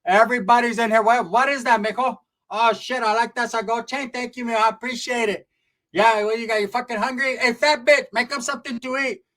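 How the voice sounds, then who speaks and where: A man voicing a brash, bossy middle-aged aunt who talks loud and crude. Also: extremely high pitch, fairly even intonation, a little fast, pitched above the performer's own voice.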